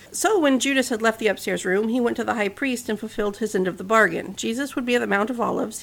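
A woman's voice: a little high, gravelly, fairly bright tone. A woman hosting a podcast, telling a story in a casual narration with chatty asides to the listener.

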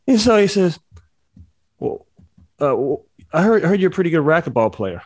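A man chatting casually on a talk show, telling a lively story and voicing the people in it, often laughing. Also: mid-range voice, normal speed, no echo. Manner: animated storyteller, voices his characters, laughs often. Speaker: podcast co-host, former football player.

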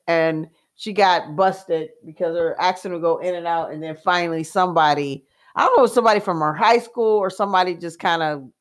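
A woman, co-hosting a casual chat and telling stories in an animated way, with fillers and laughs. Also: low voice. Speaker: co-host.

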